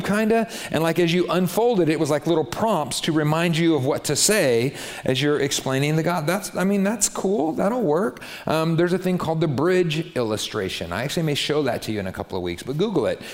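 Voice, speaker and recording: A middle-aged man preaching a sermon in a church, conversational and animated, jumping up into a higher voice to make his points. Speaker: pastor. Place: church sanctuary.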